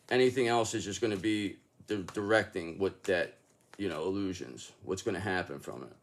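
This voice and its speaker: A man talks through a tarot spread in a loose, unscripted way. He circles back over his points, restarts often and lets a swear word slip. His voice sits at an ordinary mid pitch. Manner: rambling and emphatic, with frequent restarts and swearing. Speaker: tarot reader. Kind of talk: casual spoken tarot reading.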